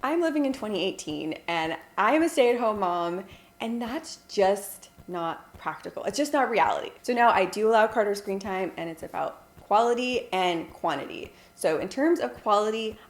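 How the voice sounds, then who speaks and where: Young mom vlogger, mid-pitched, earnest explainer, echoey home room. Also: female voice, expressive. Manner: earnest, explanatory, models slow simple phrases for a toddler. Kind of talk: casual advice vlog.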